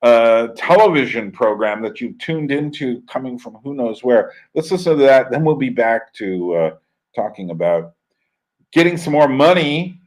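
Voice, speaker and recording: A man talks casually as the host of an internet radio stream, in a voice of ordinary pitch for a man. He rambles from one memory to the next, doubling back on his words and filling gaps with "uh" and "um". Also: animated, moderate pace, rough recording. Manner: rambling, with many fillers and restarts. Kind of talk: casual storytelling monologue.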